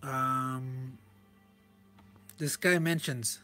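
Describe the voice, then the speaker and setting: A man's voice: fairly high pitch, normal speed, long pauses, a bit bright, soft background music. A man casually reviewing a comic page by page, chuckling often and correcting himself in rambling asides. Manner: chuckles often and reads panel text aloud.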